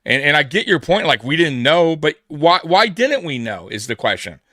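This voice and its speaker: On a live sports pregame show, a male podcast co-host makes his point emphatically, repeating himself and acting out quoted dialogue in casual sports talk. His voice is a little high, sharp and very animated at a moderate pace. The recording is dry and clean, with studio sound.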